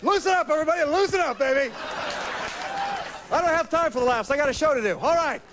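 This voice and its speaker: A man from Florida doing a stand-up comedy set in a hyper, loud, pumped-up manner. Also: extremely high pitch, lively intonation, fast talker, crowd noise. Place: TV studio stage. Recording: TV studio with audience laughter, VHS tape hiss.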